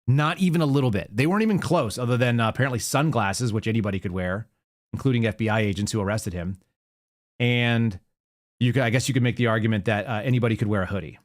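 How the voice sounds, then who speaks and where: Man, podcast host, conversational monologue, mid-pitched voice, dry room. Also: quick pace, no echo. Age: adult with young child. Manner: conversational, repeats words when restarting. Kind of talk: casual live-show monologue.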